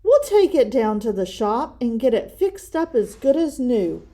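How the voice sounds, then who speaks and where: A woman voices a cheerful father bear from a picture book. He is reassuring and easygoing, with a lively, bouncing tone. He speaks slowly. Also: fairly high pitch, voice pushed up.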